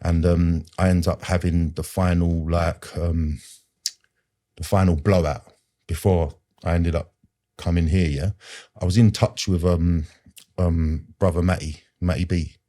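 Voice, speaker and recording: Deep-voiced man telling his story. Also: fairly even intonation, measured pace, warm tone. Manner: earnest, rambling, street slang, frequent fillers. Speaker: podcast guest. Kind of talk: personal story in conversation.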